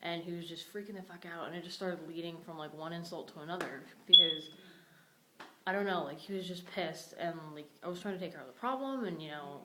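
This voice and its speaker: In an empty room of a house, a young woman vlogs a casual rant, rambling with fillers like "like" and "you know" and sounding short on sleep. Her voice is lowish and a little fast, and the recording is very noisy.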